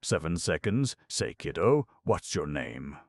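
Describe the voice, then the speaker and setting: A man voicing a half-mad old male tramp who preaches in a sing-song voice, mumbling and then shouting. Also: very deep voice, sing-song, unhurried, vocal fry, no room sound, studio quality, exaggerated voice. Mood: prophesying.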